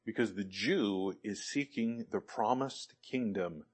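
A man's voice: lowish voice, slow pace, breathy edge. A man preaching a sermon, quoting scripture and asking the congregation questions with emphatic delivery. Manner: asks the audience questions, emphatic.

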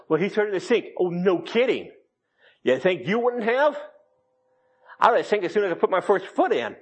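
A man's voice: sits high, husky, muffled recording. A middle-aged man preaching a sermon in a rambling, folksy way, full of restarts and jokes.

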